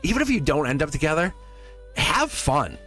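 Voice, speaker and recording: A man's voice: on the high side, big pitch swings, normal speed, a bit bright, soft background music. A man hosting a live tarot reading, playful and laughing often as he talks to his viewers. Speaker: tarot reader and live stream host.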